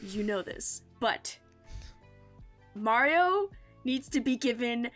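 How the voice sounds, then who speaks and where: A woman's voice: fairly high pitch, lively intonation, slow, fairly bright tone, faint music behind. A young woman co-hosting a podcast, chatting in a bubbly, emphatic, playful way. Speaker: podcast co-host. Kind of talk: casual podcast chat.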